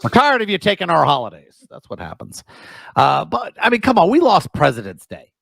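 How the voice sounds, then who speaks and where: A man grumbles wryly during comedy radio banter, and his voice has a gravelly edge. His pitch swoops widely from line to line. The mic sounds dry and close. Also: huge pitch swings, brisk, fairly bright tone, no echo. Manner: wry, mock-grumbling complaints.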